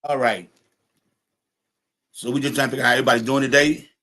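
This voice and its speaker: A man's voice: mid-range voice, steady tone, quick pace, bright, forceful tone. A man hosting a home livestream podcast, talking loosely and repetitively to his chat, swearing and calling them y'all. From St. Louis, USA. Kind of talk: casual political rant to live chat.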